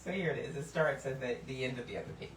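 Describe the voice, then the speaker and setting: A woman hosting a casual Bible lesson, laughing often and slowing down to read scripture with emphasis. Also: extremely low pitch. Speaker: Bible teacher and host. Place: indoor room. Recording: echoey room, mic at a distance, faint background noise.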